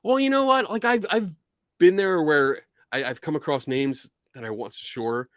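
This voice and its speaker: A man with a Philadelphia accent hosting a casual live-stream chat, excitable, laughing often and swearing casually. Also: fairly high pitch, moderate pace, no echo, studio quality. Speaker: host.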